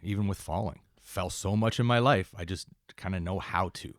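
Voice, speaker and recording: A man's voice: deep voice, moderate pace, no room sound, studio quality. A Canadian man in his forties, a fire captain and paramedic, telling stories in a casual interview and jumping into quoted voices. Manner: animated, jumps into quoted voices.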